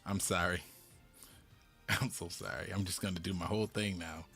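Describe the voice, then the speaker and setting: A man streaming a card game live, loud and playful, laughing and breaking into sudden high shouts and mock-preachy lines. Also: fairly even intonation, normal speed, gravelly, faint music behind. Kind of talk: live gameplay commentary.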